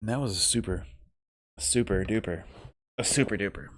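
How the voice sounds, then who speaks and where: A man reading a novel aloud on a stream, then chatting casually in an animated, joking way and swearing freely. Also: on the low side, normal speed. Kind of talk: storybook reading and casual chat.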